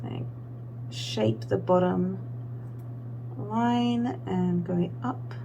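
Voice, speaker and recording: A woman's voice: medium pitch, very slow, creaky, dull audio, noisy background. A young woman vlogger talking casually through a makeup tutorial, rambling with lots of fillers and poking fun at herself. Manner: rambling, filler-heavy, self-deprecating. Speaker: beauty vlogger.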